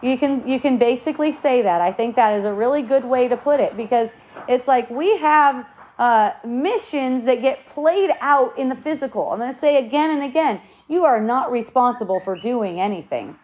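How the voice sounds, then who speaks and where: Earnest woman with a bright voice. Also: high voice, normal speed. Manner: earnest, preachy, swears casually. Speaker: spiritual talk host. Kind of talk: casual spiritual talk.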